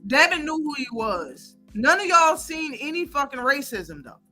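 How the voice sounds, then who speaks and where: A woman's voice: high voice, very animated, moderate pace, sharp tone, soft background music. A woman hosting a live stream, giving heated, blunt and profane commentary.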